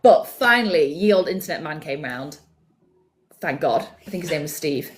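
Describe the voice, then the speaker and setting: A woman co-hosting a football podcast, chatting casually and telling stories in a playful, animated way. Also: deep voice, normal speed. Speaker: podcast co-host. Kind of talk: casual chat.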